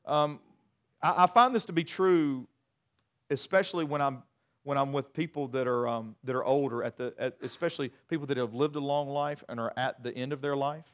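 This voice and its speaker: A middle-aged man, preaching a sermon in a conversational, animated way with many restarts. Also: mid-range voice, fairly quick. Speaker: pastor.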